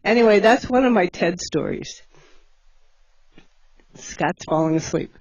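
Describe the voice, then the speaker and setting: A woman's voice: on the low side, lively intonation, measured pace, vocal fry, a little mellow, slightly rough, lo-fi sound. A woman who cares for bears, telling stories in a casual, chatty way with many fillers and laughs. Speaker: bear sanctuary caretaker telling stories. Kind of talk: casual storytelling on a livestream.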